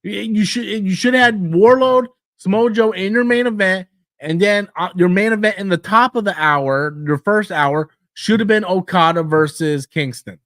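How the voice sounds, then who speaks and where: A man co-hosting a casual wrestling podcast, blunt and profane, who mocks promoters in quick put-on voices. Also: high voice, fairly bright tone, dry recording. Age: older than co-host, calls himself old school. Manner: blunt, swears freely, mocks in put-on quotes. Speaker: podcast co-host.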